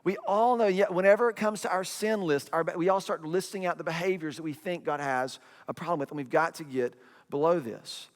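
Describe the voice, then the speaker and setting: A man's voice: on the high side, brisk. Middle-aged man preaching in a hall. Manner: conversational preaching with repeated phrases and acted quotes. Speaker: pastor. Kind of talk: sermon.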